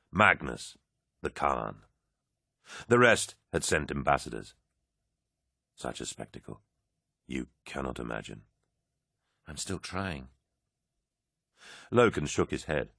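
Very deep-voiced male audiobook narrator. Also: pushed and bright, no room sound, clean studio sound. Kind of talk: scripted narration.

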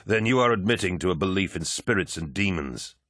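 A man's voice: low-pitched, animated, a little fast, fairly bright tone, no echo, studio quality. A man voicing a stern warrior captain who gives curt, cold orders. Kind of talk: audiobook character voice.

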